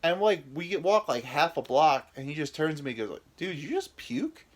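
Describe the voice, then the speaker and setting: Slightly high-voiced and fast, this young man from the United States speaks with lively intonation. Hosting a podcast, he rambles through a profane, self-mocking story with casual comedy.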